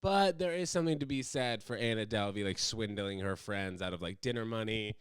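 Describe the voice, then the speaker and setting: A man's voice: fairly low pitch, fairly quick, smooth, no echo, clean studio sound. A young American man hosting a casual solo podcast, rambling animatedly from topic to topic. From United States. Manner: animated, rambling, jumps into loud silly voices. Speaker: host.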